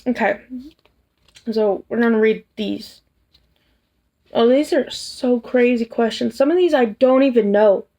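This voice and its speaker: A woman vlogger chatting casually to camera, soft and hesitant, tired after work. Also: a little high, unhurried, pauses often. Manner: soft, hesitant, with many restarts and fillers. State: tired, yawning. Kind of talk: casual personal chat to camera.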